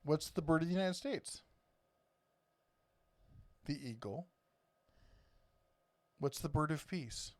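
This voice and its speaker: A man with a fairly high voice, in his thirties, hosts a casual live chat and rambles along with a joking, teasing air. He is recorded close and dry, with no room sound around him. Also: lively intonation, slow pace, pauses often, no echo. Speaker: live stream host.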